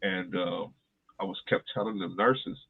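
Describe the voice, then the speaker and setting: A man hosts a talk podcast and tells a personal story in earnest, casual conversation, repeating phrases for emphasis. His low, husky voice has vocal fry, fairly even intonation and a slightly slow pace, heard over a tinny, phone-like line.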